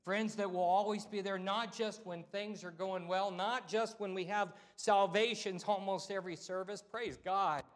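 A middle-aged man preaches a sermon in a relaxed, conversational style. His voice sits fairly high for a man. He restarts phrases, repeats himself and calls out to the congregation as he goes. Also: moderate pace, hardly any pauses. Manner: conversational preaching with repetitions and call-outs. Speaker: pastor.

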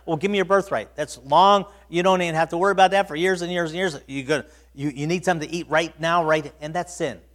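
A male preacher giving a sermon, emphatic, repeating words and swinging from loud bursts to hushed tones. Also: fairly high pitch, fairly even intonation, fast, hardly any pauses.

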